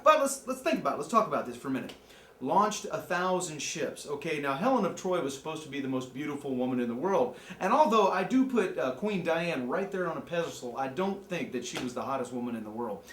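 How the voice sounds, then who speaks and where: A man giving a joking, excitable movie review rant, from the American Midwest. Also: on the high side, quick pace, reverberant. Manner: joking, excitable, jumps into mocking voices. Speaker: amateur movie critic.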